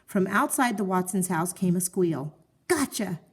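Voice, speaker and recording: A woman calmly narrating a children's story, reading it aloud. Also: lowish voice, moderate pace.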